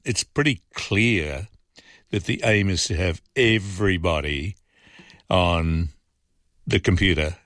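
A man's voice: deep voice, fairly bright tone, dry recording, clean studio sound. A man hosting a talkback radio show, reading listener messages aloud and giving frank, conversational opinions with frequent ums and uhs. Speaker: fill-in talkback radio host.

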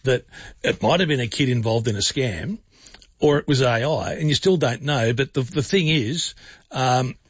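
A man's voice: mid-range voice, normal speed, husky, no room sound, dull audio. A man hosting a talk radio show, drawing out a caller's story with casual follow-up questions. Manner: conversational, prompts with questions. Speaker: radio host.

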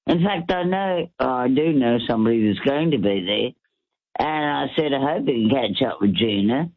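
A man's voice: mid-range voice, expressive, normal speed. West Australian man on a phone line. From Western Australia. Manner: rambling, chatty. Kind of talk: casual radio chat.

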